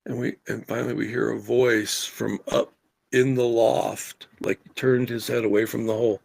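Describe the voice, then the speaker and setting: A middle-aged man co-hosting a podcast, telling a story in casual, animated chat and swearing freely. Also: mid-range voice, normal speed, dry recording. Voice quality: gravelly, husky. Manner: animated, profane storyteller who yells quoted lines. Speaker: podcast co-host.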